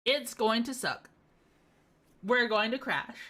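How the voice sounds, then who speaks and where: Woman streamer, bright voice, chatty and playful, laughs often. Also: a little high, animated, slow pace. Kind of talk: casual gaming stream chat.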